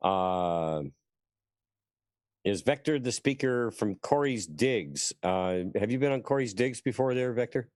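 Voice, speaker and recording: A man's voice: medium pitch, animated, unhurried, a little mellow, no echo, clean studio sound. A man hosting a live online show, reading out viewer comments in a hesitant way, with many uhs. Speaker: host.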